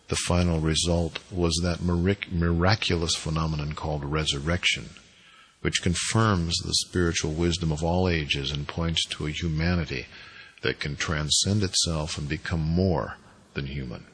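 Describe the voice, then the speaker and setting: A man with a husky voice giving an emphatic, deliberately inflected spiritual lecture on priesthood. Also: very deep voice, steady tone, fairly bright tone, rough recording. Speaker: spiritual teacher.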